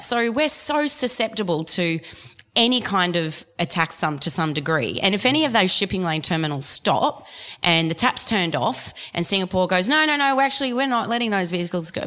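A woman's voice: lowish voice, pushed and bright, in a large hall. A woman on a podcast as a guest from the biofuels industry, talking with passion and a lot of emphasis, packed with figures. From Australia. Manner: passionate, emphatic, fact-heavy. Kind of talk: podcast discussion.

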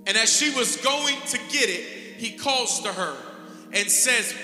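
A man's voice: sits high, normal speed, pushed and bright. A pastor in his thirties preaching a sermon and calling out to the congregation. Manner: emphatic preaching with crowd call-outs. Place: church sanctuary. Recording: echoey hall with music behind.

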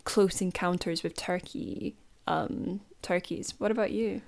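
A woman's voice: on the low side, steady tone, unhurried, vocal fry. A woman co-hosting a casual podcast, talking with frequent ums and restarts. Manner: many ums and restarts, chatty. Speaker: podcast co-host.

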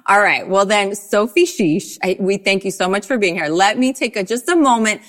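A woman's voice: mid-range voice, moderate pace, fairly bright tone. A woman co-hosting a podcast who introduces her guest in a gushing, effusive way, often laughing. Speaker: podcast co-host.

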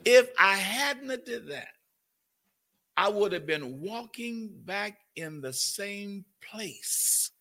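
High, gravelly pastor guy preaching hard, asking the church questions. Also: lively intonation, takes it slowly, pushed and bright. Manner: emphatic preaching, rhetorical questions to the congregation. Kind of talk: sermon.

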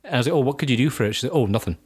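A man's voice: mid-range voice, lively intonation, rapid-fire, darkish tone, slightly rough. A man in his thirties co-hosting a podcast, telling jokey, sweary stories in casual chat. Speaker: podcast co-host.

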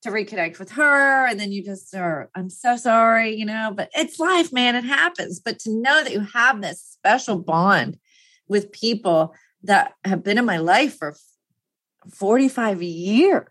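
A woman's voice: mid-range voice, animated, unhurried, fairly bright tone, dry recording. Candid, rambling woman in her fifties. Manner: rambling and heartfelt, laughs often, trails off and restarts. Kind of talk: candid personal monologue.

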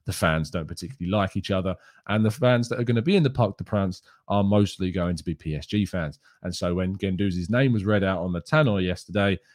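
A man hosting a football show from home, reading viewer questions and talking in a subdued, low register with plenty of casual fillers. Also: a little fast, dry recording, clean studio sound. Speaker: football podcast host. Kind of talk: live-stream chat about football, reading viewer questions.

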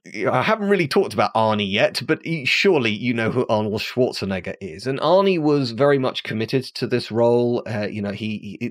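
A man giving a casual, digressive monologue on film history, often correcting himself and jumping up in pitch to stress points. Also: dry recording, clean studio sound. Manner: chatty, digressive, corrects himself mid-sentence. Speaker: film commentator.

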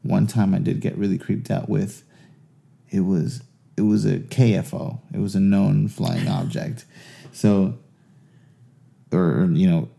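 A man's voice: deep voice, unhurried, gravelly, pauses often. A man telling a long casual story, swearing freely and laughing as he goes. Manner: animated, profane, laughs through his stories.

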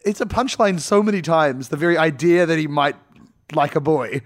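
Male co-host, casual chat, animated and laughing, slightly high voice. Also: moderate pace. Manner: laughing, animated, acts out quotes. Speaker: podcast co-host.

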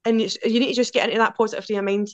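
A Glaswegian woman in her forties, a podcast guest telling casual, lively stories in quick run-on anecdotes. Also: fairly high pitch, dry recording, highs cut off. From Scotland. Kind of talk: casual storytelling.

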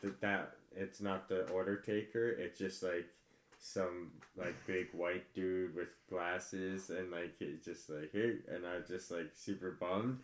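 A man's voice: sits low, flat delivery, takes it slowly, reverberant. A man telling a rambling anecdote in casual podcast chat, full of "like" and restarts. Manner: rambling anecdote, many fillers.

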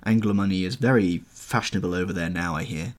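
A man voicing a languid, petulant young gentleman in an audiobook, airy in manner with sudden high lilts. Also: quick pace, lightly acted. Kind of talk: audiobook character reading.

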